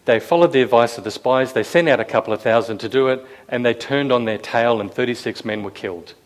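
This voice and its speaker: A man's voice: mid-range voice, fast. Conversational male preacher. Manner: conversational, asks the room questions; acts out quoted lines with raised voice. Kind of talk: sermon. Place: room with a live audience.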